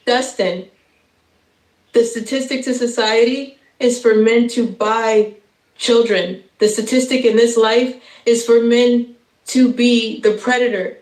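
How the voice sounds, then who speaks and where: A woman's voice: fairly high pitch, fairly even intonation, unhurried, a little mellow, reverberant, low-quality recording. Emotional, stumbling woman in her thirties. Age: 30s. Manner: emotional and stumbling, with nervous laughs. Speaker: guest speaker on a live stream. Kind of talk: impassioned live-stream speech.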